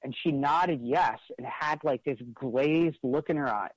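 A man's voice: fairly high pitch, a little slow, no room sound, rough recording. Man telling a story, dry sound. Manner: earnest, frequent "like" fillers and restarts. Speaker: interview guest. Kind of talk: conversational storytelling.

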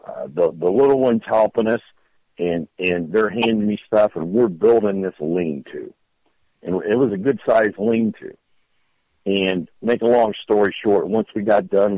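A man's voice: on the low side, no room sound, highs cut off. A middle-aged man casually telling a long story, often repeating and restarting his words. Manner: rambling, repeats words, animated retelling. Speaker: storyteller guest.

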